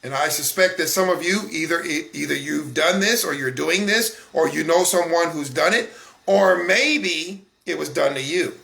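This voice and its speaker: A man's voice: on the high side, moderate pace, creaky, bright, forceful tone. A man in his forties hosting a solo talk broadcast, speaking in a conversational, emphatic way with frequent fillers and restarts. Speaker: broadcast host. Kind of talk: solo talk show monologue.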